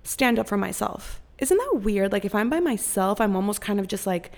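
A woman's voice: medium pitch, normal speed, gravelly. A young woman hosting a podcast, telling a story in casual chat, swearing freely and acting out other people's voices. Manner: profane and animated, acts out others' voices. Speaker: podcast host.

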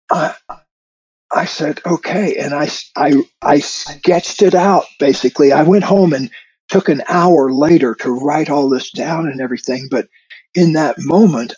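A man with a dark, mellow voice and a husky, breathy edge tells a personal story on a podcast. He talks in a reflective, unhurried way, with soft chuckles. The recording sounds dull and lo-fi. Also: on the high side. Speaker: podcast co-host. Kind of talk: conversational storytelling.

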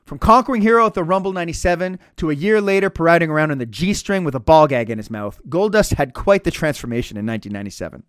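Guy ranting on his podcast, sarcastic and sweary, pretty high voice that jumps all over. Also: animated, quick pace, hardly any pauses, clear, resonant tone, no room sound, clean studio sound. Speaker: podcast host. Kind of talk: comedic podcast commentary.

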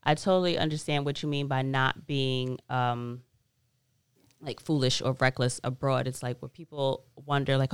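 A woman hosting a podcast, talking in a lively, blunt way and swearing casually. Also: a bass voice, normal speed, clear, resonant tone, no echo. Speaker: podcast host. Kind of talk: casual interview chat.

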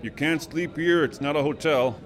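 An actor playing a gruff bartender, impatient and scolding. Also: male voice, on the high side, moderate pace, natural voice. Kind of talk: audio comedy drama acting.

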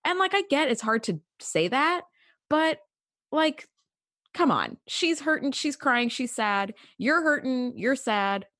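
Animated woman podcast co-host. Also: sits high, slow, no room sound, clean studio sound. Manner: animated, emphatic, laughs often. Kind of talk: casual podcast chat.

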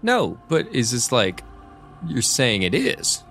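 A man's voice: medium pitch, huge pitch swings, slow, vocal fry, fairly bright tone, soft background music. A man playing his character in a tabletop game, casual and joking, hesitant with many "like"s. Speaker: player. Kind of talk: casual tabletop role-play.

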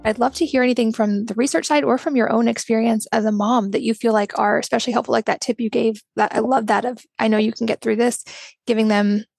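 A woman's voice: fairly high pitch, steady tone, fast talker, vocal fry, darkish tone, no room sound, faint music behind. A woman podcast host and mother asking long, reflective questions that draw on her own experience.

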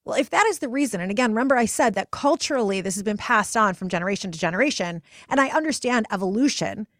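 A pregnant woman in her forties hosting a podcast, telling a personal story in an earnest, emotional way, her voice climbing higher when she gets passionate. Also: lively intonation, fast talker, fairly bright tone, dry recording, clean studio sound. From United States. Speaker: podcast host.

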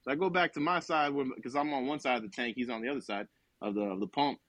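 A man from New Jersey telling a story on a podcast, animated and profane, laughing as he goes. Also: mid-range voice, fast, no echo. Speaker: podcast host. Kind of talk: casual comic storytelling.

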